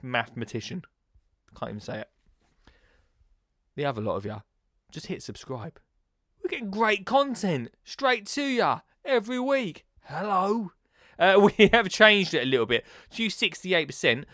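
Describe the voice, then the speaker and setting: A man hosting a gardening podcast in a rambling, excitable chat, bursting into sing-song phrases and laughing at himself. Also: a little high, moderate pace, no room sound, studio quality. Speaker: podcast host. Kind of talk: casual chat.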